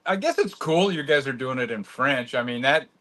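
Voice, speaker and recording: A relaxed man talks slowly in a casual livestream chat. His pitch swings widely as he tells stories, which makes him sound lively, and he keeps an unhurried, easygoing manner. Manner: easygoing, slow-talking, animated storyteller. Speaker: guest.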